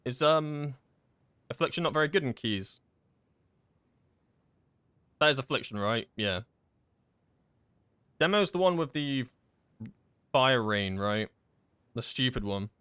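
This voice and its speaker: Male game streamer, chatty and rambling, mid-pitched, dry booth-close sound. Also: expressive, sharp tone, clear, resonant tone, dry recording. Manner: rambling and chatty, with many fillers and quick laughs. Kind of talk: casual live-stream chat while gaming.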